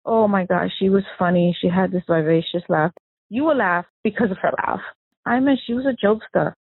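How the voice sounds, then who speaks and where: A woman, the victim's sister, recounting memories of her sibling in an emotional, animated way, acting out the dialogue she quotes. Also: medium pitch, a little fast, vocal fry, slightly rough, no room sound. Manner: animated storyteller who acts out quoted dialogue. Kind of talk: emotional first-person recollection. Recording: tinny phone-line audio.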